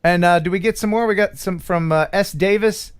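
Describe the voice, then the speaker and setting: A man's voice: sits high, fairly quick, smooth. A man, around his forties, hosting a casual live stream chat in a goofy, playful way and laughing often. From USA.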